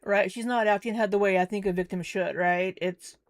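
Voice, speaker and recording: A woman hosting a reaction commentary, speaking slowly and gently and reassuring a viewer. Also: medium pitch, steady tone. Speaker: commentary channel host.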